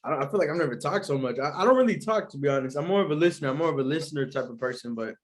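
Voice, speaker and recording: A man's voice: fairly high pitch, animated, racing. A young man hosting his own podcast, telling a story in a rambling, slangy way with lots of fillers and frequent laughs. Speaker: podcast host. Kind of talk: casual storytelling.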